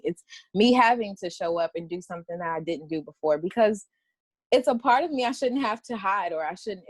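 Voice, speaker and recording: A poet from Washington, D.C., appearing as a guest, talks candidly in an interview in a lowish voice. She rambles through restarts and laughter and is sometimes near tears. There's no room sound.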